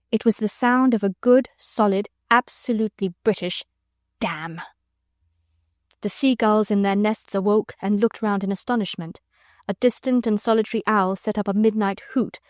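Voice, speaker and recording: A woman reads a classic novel aloud in a measured, expressive storytelling voice. Her pitch sits in the middle range. The close mic gives a dry, intimate sound. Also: no room sound. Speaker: audiobook narrator. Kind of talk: scripted narration.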